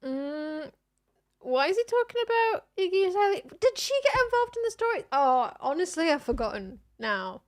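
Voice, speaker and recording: A woman's voice: very high-pitched, very animated, normal speed. A woman, chatting casually and offhandedly as a streamer reacting to videos. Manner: musing, offhand. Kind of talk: casual chat.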